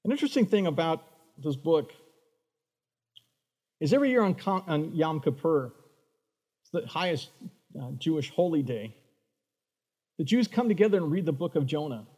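A man preaching a sermon, animated, acting out the voices of the figures in the story he tells. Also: on the high side, normal speed, long pauses, in a large hall. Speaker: pastor.

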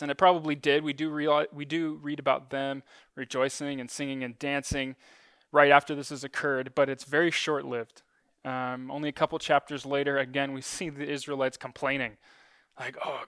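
A man gives a relaxed, conversational sermon, leaning on ums and small jokes at his own expense. His voice sits a little higher than most men's and comes across smooth and resonant. The sound is close and dry, with little room echo. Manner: conversational, many ums, self-deprecating asides. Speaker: preacher. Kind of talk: casual sermon teaching.

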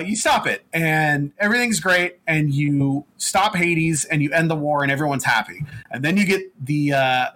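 Bright-voiced man rambling about games. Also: a little high. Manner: rambling, profane game recap with quick put-on voices. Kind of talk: casual chat.

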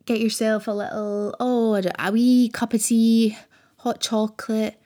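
A woman's voice: on the high side, level tone, measured pace, dark tone. A woman hosting a podcast, chatting casually and telling stories in a rambling way. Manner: chatty, rambling, fond storytelling. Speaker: podcast host. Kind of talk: casual chat.

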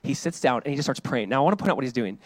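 Speaking very fast with lively intonation at a medium pitch, a male pastor preaches in a relaxed, conversational style. He acts out the voices in his quotes and drops to a hush for reflective moments, all on a dry recording.

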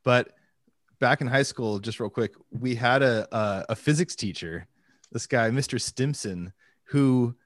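A man's voice: mid-range voice, unhurried, no echo. Eager chatty man with a dry, close sound. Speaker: band member. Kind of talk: casual podcast chat.

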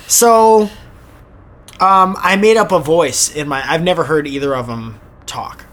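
A man casually chatting as a podcast co-host, telling a rambling story with animated bursts. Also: on the high side, a little slow. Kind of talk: casual chat.

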